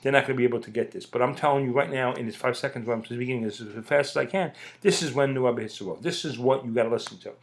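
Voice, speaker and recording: A man's voice: medium pitch, very fast, few pauses. Blunt, profane middle-aged man ranting. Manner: blunt, profane, emphatic, repeats points. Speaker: podcast host. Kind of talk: casual ranting monologue.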